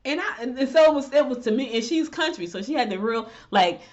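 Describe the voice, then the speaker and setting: A middle-aged woman with a blend of Southern and Northern US accent, hosting and telling stories in casual chat, animated and direct. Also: sits high, fast. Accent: mix of Southern US and Northern US. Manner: animated storyteller, chatty and direct. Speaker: host. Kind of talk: casual chat and horoscope reading. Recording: dull lo-fi recording.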